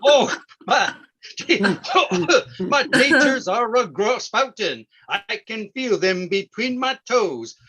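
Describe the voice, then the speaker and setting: A man doing a character bit as a folksy, goofy old farm-show host with a corny, drawn-out delivery and chuckling "ho ho ho"s. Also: high voice, sing-song, pushed and bright, breathy edge, voice pushed up, heavily acted. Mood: folksy cheerful. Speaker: stand-up comedian.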